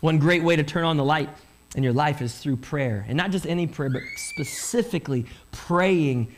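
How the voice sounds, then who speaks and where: High-voiced man preaching a sermon. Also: normal speed. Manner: animated preaching, rhetorical questions, voices listeners' thoughts. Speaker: pastor.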